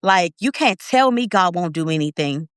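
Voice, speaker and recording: This interview guest, a woman in her thirties, talks at a normal pace while relating a personal story in a casual setting. When she quotes herself, she acts the lines out with dramatic pitch jumps. The sound is clean studio audio with no room tone.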